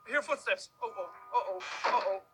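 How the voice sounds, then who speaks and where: A man doing excitable, loud gameplay commentary, shrieking and swearing as he plays. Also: high voice, brisk, over music. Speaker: gaming video creator. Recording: noisy gameplay clip.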